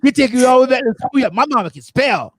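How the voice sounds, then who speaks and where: A man hosting a casual panel talk show, animated and laughing, repeating phrases for effect. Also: extremely high pitch, quick pace.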